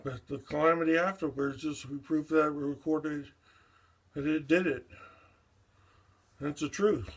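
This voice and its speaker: A man's voice: fairly high pitch, fairly even intonation, unhurried, long pauses, husky. An older man delivering a rambling, profane, agitated monologue that jumps erratically from one subject to the next. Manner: erratic, profane and agitated, jumping between topics.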